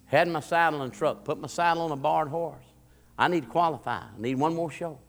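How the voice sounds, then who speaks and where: A man's voice: fairly high pitch, brisk. A man preaching a sermon in a fervent, folksy way and telling a story from the pulpit. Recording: long hall reverb.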